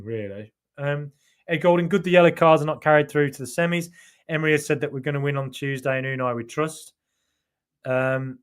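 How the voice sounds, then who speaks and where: A man's voice: on the high side, smooth. A man hosting a live fan podcast, reading viewer comments aloud and chatting about them casually, with many fillers and restarts. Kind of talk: casual live-stream chat.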